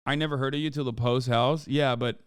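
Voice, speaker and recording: A man's voice: medium pitch, steady tone, a little fast, clean tone, no echo, clean studio sound. A man streaming a reaction to a video, talking casually and rambling with many fillers, restarts and swearing.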